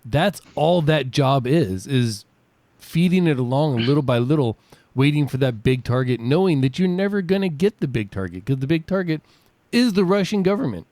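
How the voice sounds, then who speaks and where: Measured, reflective male podcast co-host. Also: fairly high pitch, lively intonation, warm tone, no room sound. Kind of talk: casual chat and reading news items.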